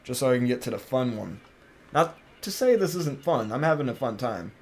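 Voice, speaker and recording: A man's voice: medium pitch, lively intonation, a little fast, darkish tone, a little hiss or hum. A young man streaming a game, chatting casually, joking around and swearing freely. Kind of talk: casual gaming stream chat.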